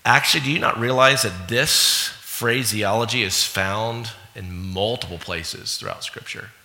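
A man preaching a sermon in an animated way, acting out little voices and laughing often as he talks to the congregation. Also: lowish voice, measured pace. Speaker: pastor. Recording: long hall reverb.

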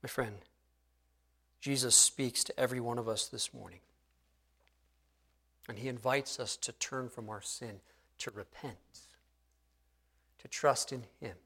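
A middle-aged male pastor preaching a sermon in an earnest way, often dropping to a hushed tone to stress a point. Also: mid-range voice, steady tone, a little slow, vocal fry, long pauses, slightly rough.

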